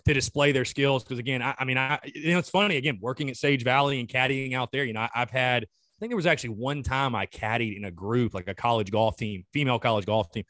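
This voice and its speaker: A man's voice: mid-range voice, fast, a bit bright, no echo. A man, a guest on a casual podcast, talking with enthusiasm and repeating himself. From North Augusta, South Carolina. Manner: enthusiastic, repeats words, says "man" often.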